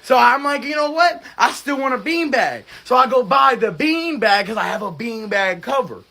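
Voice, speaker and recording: A man's voice: very high-pitched, animated, normal speed, creaky, bright, forceful tone. A young man ranting furiously to camera, cursing and close to tears. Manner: furious, cursing, near-crying rant. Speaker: TikTok creator. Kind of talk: comedic rant to camera.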